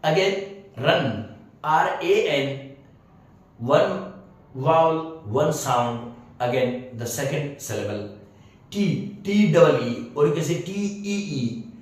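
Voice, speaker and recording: A man's voice: fairly high pitch, expressive, slow, pauses often. A man teaching English grammar, hesitant with many fillers, often repeating phrases, spelling words out letter by letter and checking whether the class has understood. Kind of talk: spoken grammar lesson. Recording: very echoey room, distant mic.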